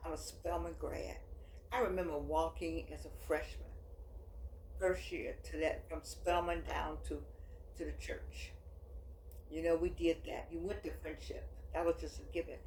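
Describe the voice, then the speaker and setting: A woman in her eighties talking in a casual, rambling monologue, emphatic and full of restarts as she reflects. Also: lowish voice. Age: 80s. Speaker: author and vlogger. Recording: echoey room with faint background noise.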